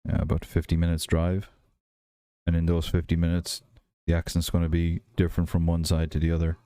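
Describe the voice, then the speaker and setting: Low, flat-voiced Irish man chatting. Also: brisk, clean tone, dry recording. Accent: softened Irish. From Ireland. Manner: rambling, relaxed, many fillers and restarts. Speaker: livestream host. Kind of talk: casual chat while building and reading chat.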